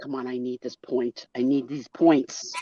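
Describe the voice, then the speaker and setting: A woman hosting a live sale and chat, teasing her guests in playful, animated banter over a video call. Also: rumbling low, a little slow, slightly rough, no room sound, lo-fi sound. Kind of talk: casual live-stream chat.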